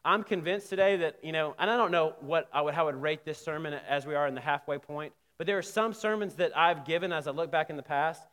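A man with a notably high-pitched voice gives a sermon in a conversational style. He keeps restarting his phrases and pushes up into sudden emphatic rises. His voice rings out with a long reverb, as if he is in a big sanctuary. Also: fast talker, hardly any pauses, a bit bright. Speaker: pastor.

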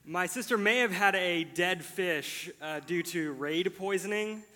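A man co-hosting a podcast, explaining scripture in a relaxed way, laughing easily. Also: sits high, unhurried, big-room sound. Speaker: podcast co-host teaching scripture. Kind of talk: casual podcast Bible teaching.

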